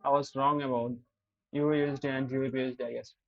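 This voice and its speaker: Cigarette in hand, a man running a live trading stream vents to his chat, swearing constantly and addressing them as "bro" and "dude" in exasperation. He races along in a flat, creaky, medium-pitched voice, captured with dull audio.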